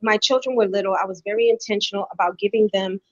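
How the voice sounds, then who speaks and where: A woman's voice: mid-range voice, fast, no room sound. A middle-aged woman hosting a podcast, telling a heartfelt story in casual conversation and acting out the quotes. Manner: animated storyteller, acts out quotes. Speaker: podcast host. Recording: dry, dull lo-fi sound.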